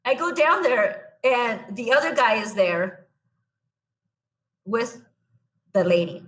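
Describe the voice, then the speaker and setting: A young woman talks as a podcast guest, her voice sitting a little high. She tells her story bluntly and with energy. She drops straight into the lines she spoke back then. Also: slow pace. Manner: animated, blunt storyteller acting out her own past lines. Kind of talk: casual storytelling.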